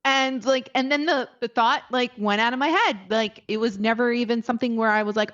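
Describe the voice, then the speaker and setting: A woman's voice: a little high, lively intonation, brisk, hardly any pauses, a bit bright, muffled recording. A woman co-hosting a casual podcast who talks in an easygoing, agreeable and affirming way. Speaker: podcast co-host.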